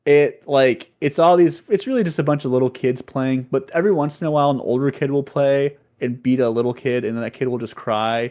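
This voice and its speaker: A man's voice: mid-range voice, a little fast, hardly any pauses, a little mellow. Rambling man full of "like"s. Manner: rambling, lots of "like", giggly. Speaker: podcast guest. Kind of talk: casual podcast chat.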